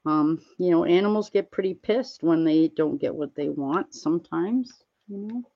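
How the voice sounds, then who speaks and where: A woman streaming, chatting casually with viewers while she crafts, rambling and gently reassuring them with lots of fillers. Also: lowish voice, normal speed, muffled recording. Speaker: livestreamer answering chat.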